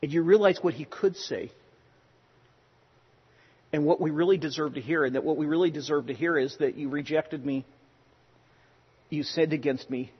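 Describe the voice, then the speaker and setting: Husky-voiced pastor preaching in a hall. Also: male voice, medium pitch, highs cut off. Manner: conversational preaching with personal anecdotes, swings from loud to hushed. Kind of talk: sermon.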